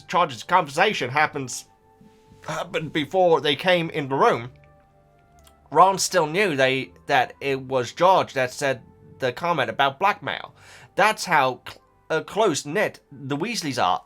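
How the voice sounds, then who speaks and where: A man's voice: a little high, expressive, measured pace, a bit bright, soft background music. A man hosting a casual reading reaction, rambling aloud and stumbling over repeated words as he thinks. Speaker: YouTube reaction host reading a book.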